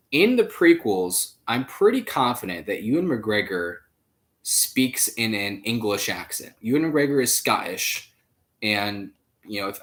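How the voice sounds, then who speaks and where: Guy hosting a podcast, kinda low voice, rambly and loose, lots of likes and ums. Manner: rambling, filler-heavy, animated swings in pitch and loudness. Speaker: podcast host. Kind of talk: casual chat.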